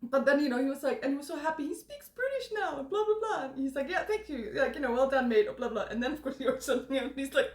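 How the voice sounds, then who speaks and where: A woman hosting a casual live stream from a kitchen, an animated, giggly storyteller. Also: high-pitched, very fast, hardly any pauses. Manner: giggly, animated storyteller who acts out others' lines. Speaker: streamer host. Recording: echoey room, away from the mic.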